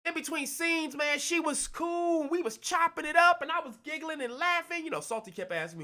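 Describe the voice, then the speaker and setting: A man chatting casually in an interview, telling a story in an animated, slangy way. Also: sits high, quick pace, few pauses. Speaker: guest actor.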